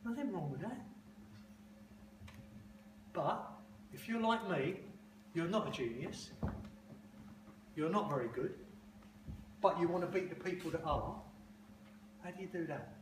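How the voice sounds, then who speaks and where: A man's voice: on the high side, animated, a little slow, pauses often. Blunt, profane man speaking to a class. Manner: blunt, profane, emphatic storytelling. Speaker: guest speaker to advertising students. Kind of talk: informal talk and Q&A. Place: room full of students. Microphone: phone recording from the audience. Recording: distant, echoey, noisy phone recording.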